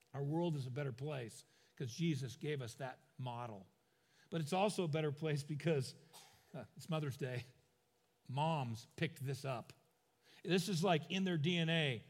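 A man's voice: on the high side, a bit bright, in a large hall. A middle-aged man preaching a sermon, telling stories with humorous asides and acting out the quoted lines. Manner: acts out quoted lines in voices. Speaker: pastor.

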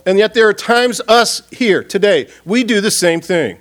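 A man with a somewhat high voice gives a funeral sermon in a church, earnest and expressive. He moves between raised, pleading appeals and soft, hushed stretches. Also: normal speed. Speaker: pastor.

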